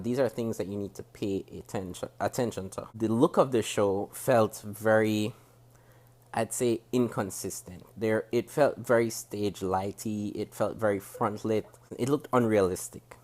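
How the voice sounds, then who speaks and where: A man with a Jamaican accent, speaking to camera as he reviews a TV show. He talks in a critical, measured way and often restarts his sentences as he thinks aloud. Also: on the low side. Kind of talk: casual spoken review to camera. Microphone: camera facing the speaker.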